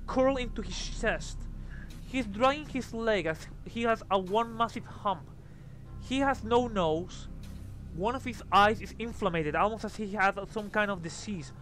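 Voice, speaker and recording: A man's voice: sits high, fairly bright tone, a little hiss or hum. A man running a tabletop game as game master, narrating a scene in descriptive bits with restarts. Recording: music in the background.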